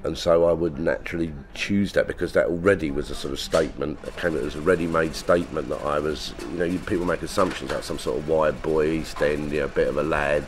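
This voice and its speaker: A man's voice: rumbling low, fairly even intonation, quick pace, hardly any pauses, slight background noise. A man with a South London accent, a comedian talking casually in an interview, rambling with restarts. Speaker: comedian guest. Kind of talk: conversational interview.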